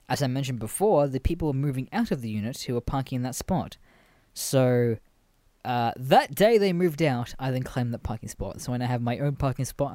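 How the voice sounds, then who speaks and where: A man's voice: medium pitch, no echo. Young man, casual podcast storytelling, swears a lot, laughs, dry close sound. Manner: animated, swearing, laughs at own stories. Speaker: podcast host.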